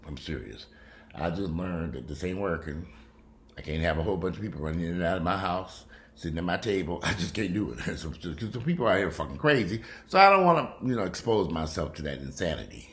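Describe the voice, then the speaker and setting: A man's voice: low voice, expressive, quick pace, a bit bright. A man vlogging from home in casual commentary, blunt and profane. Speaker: vlogger commenting on a news story.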